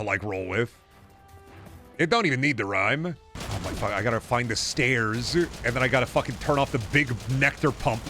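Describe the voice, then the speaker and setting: A man streaming a game, rambling and profane, bursting into excited rants. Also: mid-range voice. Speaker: gaming streamer. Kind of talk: live game-stream commentary.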